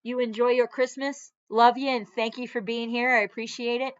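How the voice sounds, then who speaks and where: A woman's voice: a little high, little pitch movement, normal speed, clean tone, muffled recording. A woman Air Force veteran talking earnestly in a casual vlog, her arm in a sling, chatting on and breaking off to scold her dog. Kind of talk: casual heartfelt vlog talk.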